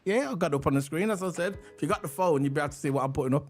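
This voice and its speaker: A man's voice: on the high side, rapid-fire, soft background music. A man co-hosting a casual livestream, chatty and rambling, hyping the chat and reading transfer news. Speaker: livestream co-host.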